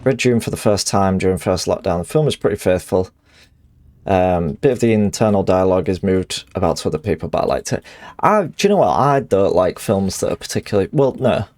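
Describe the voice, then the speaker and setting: A man's voice: low-pitched, lively intonation, brisk, darkish tone. A man streaming a game, chatting casually in a rambling, sweary way that often corrects itself.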